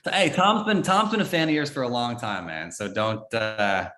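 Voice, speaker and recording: An American man in casual podcast chat as a guest, excitable and stumbling over repeated words as he starts sentences. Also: medium pitch, normal speed. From United States. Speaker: guest, former entertainment reporter.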